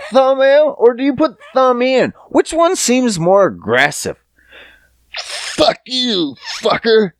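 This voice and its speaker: A man hosting a podcast, telling profane, animated stories in a casual comedic rant, sometimes putting on voices. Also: sits high, no echo. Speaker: podcast host. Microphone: podcast studio mic.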